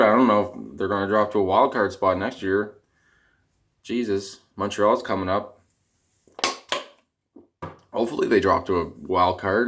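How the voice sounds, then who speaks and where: Deep-voiced yet fairly bright in tone, this young Canadian hockey fan vlogs a casual rant to camera. He rambles, sounding dejected and exasperated, and his voice cracks at times.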